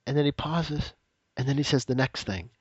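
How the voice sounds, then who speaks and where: A man hosting a casual comedy podcast, animated and laughing often as he breaks down clips. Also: medium pitch, moderate pace, slightly rough, dry recording, lo-fi sound. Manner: animated, laughing, quotes others in mock voices. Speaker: podcast host.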